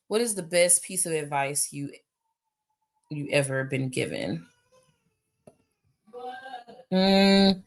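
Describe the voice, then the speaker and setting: This American woman has a fairly low pitch and answers viewer questions in a relaxed live-stream Q&A. She's animated and chatty, reads each question out loud, and addresses her audience as y'all, all captured through a phone or webcam.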